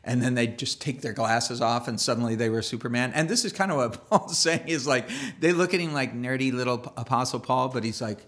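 A man delivers a sermon from the pulpit in a mid-range voice, neither high nor low. He talks loosely and conversationally, doubling back on his words and dropping in playful asides. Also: fairly quick, few pauses, a bit bright. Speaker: pastor.

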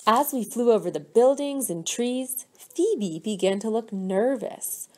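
A woman teacher reading a picture book aloud to children, gently stopping to ask them questions. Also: fairly high pitch, lively intonation. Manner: slow, gentle, pauses to quiz children.

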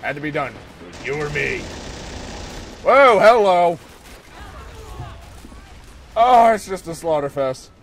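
An American man giving casual joking commentary over a war strategy game, talking to his soldiers and sometimes yelling at them. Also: on the high side, big pitch swings, a little fast, gravelly, few pauses, a little hiss or hum. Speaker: gameplay commentator. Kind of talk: casual let's-play commentary.

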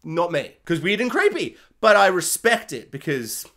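A man's voice: high-pitched, huge pitch swings, normal speed, pushed and bright. A man giving a casual, rambling TV review, joking and correcting himself as he goes. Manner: rambling, jokey, self-correcting, puts on silly voices for characters. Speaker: show reviewer.

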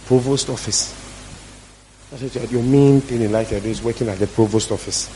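A man's voice: medium pitch, fairly quick, mellow, slight background noise, rough recording. A man preaching a sermon as pastor, emphatic and repeating his key phrases for stress.

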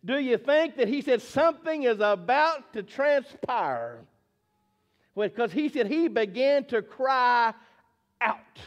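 Fervent high-voiced preacher. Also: male voice, very animated, slow pace, highs cut off. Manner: fervent, rising to shouts, repetitive call-and-response preaching. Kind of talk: sermon.

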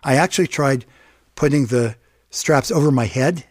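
A man's voice: medium pitch, dry recording. Man telling his own story. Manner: reflective, halting. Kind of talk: personal storytelling. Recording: produced podcast with music bed.

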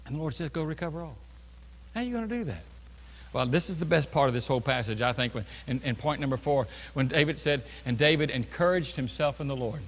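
A man with a high-pitched voice preaches a sermon from a church sanctuary, and his words ring out in a long hall reverb. He swings from loud, emphatic bursts down to hushed, lower passages. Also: expressive, fast talker. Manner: preaching with sudden loud bursts and drops to quiet. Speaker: pastor.

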